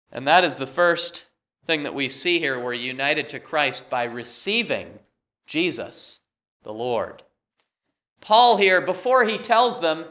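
A man's voice: fairly high pitch, expressive, unhurried, sharp tone. A man preaching a sermon as pastor, moving from a homey story into emphatic repeated scripture lines.

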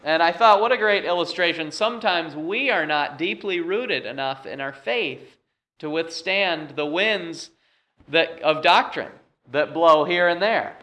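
A man's voice: a little high, measured pace, sharp tone. A man preaching a sermon as pastor, moving from a homey story into emphatic repeated scripture lines.

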